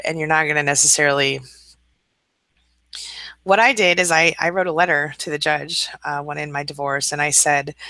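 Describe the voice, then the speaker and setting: A woman hosting a casual live stream, reading out viewer comments and answering them with a warm, chatty manner. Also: sits low, no echo.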